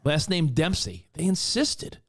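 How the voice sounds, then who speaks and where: A man's voice: on the high side, a little slow, slightly rough. A man co-hosting a podcast, telling rambling stories in casual chat. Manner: rambling, animated storytelling. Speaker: podcast co-host. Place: Los Angeles.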